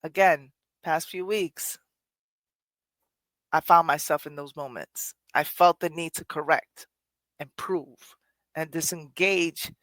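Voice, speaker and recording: A middle-aged woman hosts her own podcast in a candid, reflective way, earnest and quick to laugh at herself. Her voice sits on the low side. The recording is dry and close, with no room sound. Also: fairly even intonation, fairly bright tone, no room sound. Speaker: podcast host. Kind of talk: reflective personal talk.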